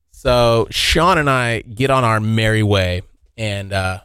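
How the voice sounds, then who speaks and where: A man's voice: mid-range voice, moderate pace, dry recording, clean studio sound. A young man from Washington State hosting his own podcast, telling a rambling, profane story in a casual solo chat. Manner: rambling, profane, animated when acting out scenes. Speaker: podcast host.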